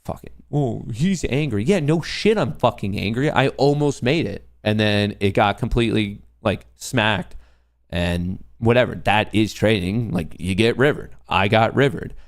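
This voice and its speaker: A young man with a lowish voice speaks at normal speed while hosting a live trading stream. He rants profanely at the comments coming in from his chat.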